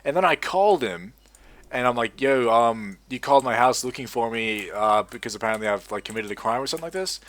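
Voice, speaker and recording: Here a young gaming creator talks a little fast in a medium-pitched voice, with no echo on the recording. He tells a meandering, swear-heavy story with lots of energy, then switches to easygoing commentary on the game he's playing.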